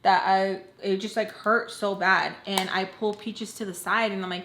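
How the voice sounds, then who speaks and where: A young woman telling a personal story to her viewers in a loose, chatty way, full of "like" and quick quoted lines from others. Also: medium pitch, fairly even intonation, a bit bright, a little hiss or hum. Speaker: storytime vlogger. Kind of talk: casual storytelling. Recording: echoey room.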